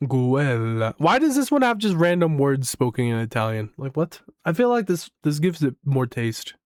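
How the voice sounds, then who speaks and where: A young man reacting to videos in a casual, rambling way, his pitch swinging up and down as he gets hyped. He swears freely and fills his talk with "like." His voice sits a little higher than most men's and sounds dry and close to the mic. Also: normal speed, dry recording. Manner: excitable, swears, rambles with lots of "like". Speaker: gaming YouTuber.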